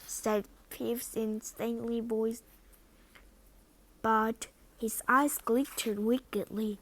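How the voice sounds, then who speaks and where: A woman reads a storybook aloud at a slow, careful pace, sometimes dropping to a whisper. Her voice sits a little high. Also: fairly even intonation, fairly bright tone. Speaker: reader.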